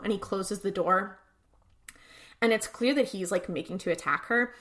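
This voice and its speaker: A woman's voice: medium pitch, moderate pace, a bit bright. A woman co-hosting a podcast, chatting through a show recap and acting out characters' lines as she goes. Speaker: podcast co-host. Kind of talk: casual episode recap.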